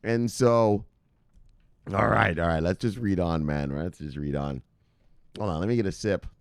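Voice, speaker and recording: A man's voice: low-pitched, normal speed, smooth, no echo, studio quality. A man hosting casual crypto news commentary, reading headlines aloud and rambling off into laughing, profane asides.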